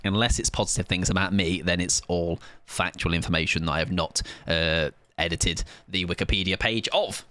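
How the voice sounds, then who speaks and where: A man's voice: low-pitched, normal speed, few pauses, sharp tone, dry recording. A man chatting casually on a live game stream, joking and rambling with plenty of self-mockery. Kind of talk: live gaming stream chat.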